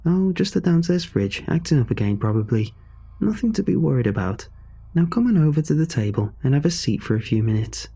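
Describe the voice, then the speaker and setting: A man's voice: on the high side, expressive, brisk, creaky, warm tone, breathy edge, pitched above the performer's own voice, heavily acted. A man voicing an eccentric older woman inventor who is overly cheerful and slightly manic, talking in a rambling, sing-song way. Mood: cheery.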